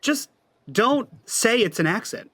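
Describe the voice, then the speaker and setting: A man's voice: very high-pitched, animated, a little slow, fairly bright tone. A man player giving frank, casual advice during a tabletop game chat, swearing now and then.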